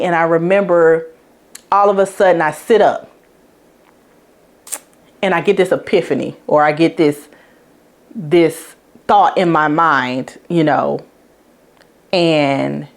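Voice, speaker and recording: A woman hosting a podcast, telling a personal story in a frank, chatty way and speaking straight to her listeners. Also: fairly low pitch. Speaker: podcast host.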